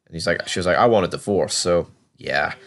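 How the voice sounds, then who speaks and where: A man's voice: low voice, a bit bright. Chatty man recapping a show. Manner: chatty, swears freely, quotes characters in quick asides. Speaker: TV show reviewer. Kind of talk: casual recap and commentary.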